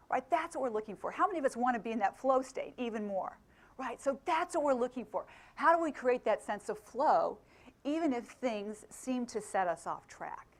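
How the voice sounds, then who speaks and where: Upbeat woman speaker quizzing her audience. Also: on the high side. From England. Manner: engaging, asks the audience questions, laughs often. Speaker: motivational speaker. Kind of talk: motivational talk to a live audience.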